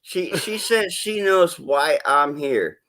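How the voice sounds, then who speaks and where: A man's voice: on the high side, expressive, slow, pushed and bright. A man dropping into a casual livestream chat, joking and swearing. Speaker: guest.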